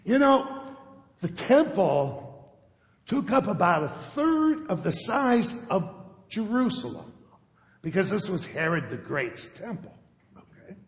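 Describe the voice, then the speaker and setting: A male pastor giving a sermon in a church sanctuary, telling the story conversationally and often checking in with his listeners. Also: high voice. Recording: echoey sanctuary with long reverb.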